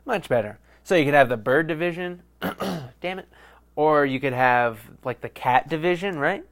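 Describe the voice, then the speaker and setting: A man's voice: fairly high pitch, expressive, normal speed. A young man hosting a sports podcast, rambling in a casual, profane and self-mocking way. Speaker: podcast host.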